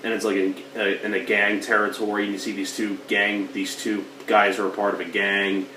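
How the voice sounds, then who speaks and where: A man's voice: on the low side, completely flat delivery, moderate pace, pushed and bright. A man casually reviewing a film, rambling with lots of filler words and coughing now and then while getting over allergies. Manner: rambling, lots of "like" and "you know". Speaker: movie reviewer. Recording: roomy, distant mic, faint hiss.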